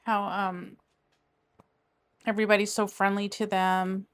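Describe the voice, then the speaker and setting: Middle-aged woman, rambling craft-vlog chatter, mid-pitched voice. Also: level tone, unhurried. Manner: rambling, chatty, trails off and restarts. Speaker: crafting vlogger. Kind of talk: casual chat while diamond painting.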